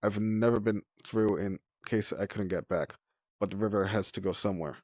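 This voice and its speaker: A man voicing a fierce, protective female sea dragonet in a storybook, with an urgent, forceful delivery. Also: on the low side, steady tone, moderate pace, dry recording, clean studio sound, close to an everyday voice. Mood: hesitant.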